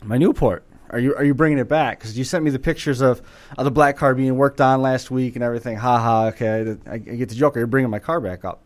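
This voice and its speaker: A man telling a story in casual chat, with a dry, deadpan delivery. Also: mid-range voice, quick pace.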